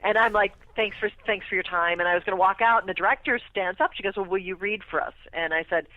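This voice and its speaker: A woman tells her story as a guest on a radio talk show, animated and quick to laugh. Her voice comes through a tinny, phone-like line with no room sound around it. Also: mid-range voice, no room sound. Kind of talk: casual storytelling interview.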